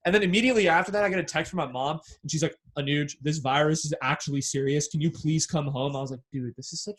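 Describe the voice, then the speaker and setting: A man's voice: a little high, quick pace. A young man from the Bay Area, hosting a podcast and telling a story in a casual, slangy way, swearing freely and acting out what people said. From San Francisco Bay Area. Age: young adult. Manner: animated, slangy, swears freely, acts out quoted dialogue. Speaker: podcast host.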